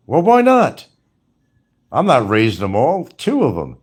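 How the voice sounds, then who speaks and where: A man's voice: mid-range voice, huge pitch swings, measured pace, breathy edge. A man ranting angrily in commentary, swearing often and firing scolding rhetorical questions. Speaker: commentary streamer.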